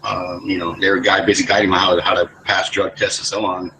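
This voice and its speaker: A man's voice: sits low, level tone, quick pace, bright, forceful tone, slight background noise, low-quality recording. A man in casual chat, talking hesitantly and often repeating words as he starts.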